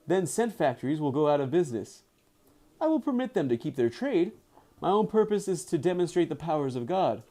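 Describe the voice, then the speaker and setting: A kindly, calm saint with a gentle, measured delivery and a soft, mellow tone, as a man reading aloud puts him on. The voice sits a little lower than the reader's own. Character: plump bearded male saint, calm and kindly.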